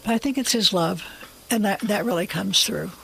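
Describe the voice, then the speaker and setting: Brief: interview guest author, gravelly fry, lively rambling storyteller. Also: mid-range voice, moderate pace, a little hiss or hum, low-quality recording.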